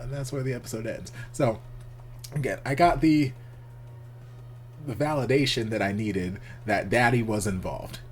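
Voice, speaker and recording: A man's voice: deep voice, a little hiss or hum. A man hosting a reaction video, commenting candidly and expressively and swearing casually.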